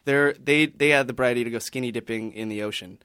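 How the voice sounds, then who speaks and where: A man's voice: medium pitch, fast, sharp tone, clean tone, no room sound, studio quality. A man on a podcast panel telling a long story in casual chat, rambling with many restarts and fillers.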